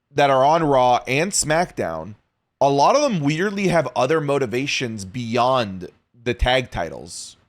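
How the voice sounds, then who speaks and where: Animated man arguing on a wrestling podcast. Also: mid-range voice. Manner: animated, emphatic, argumentative. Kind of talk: casual chat.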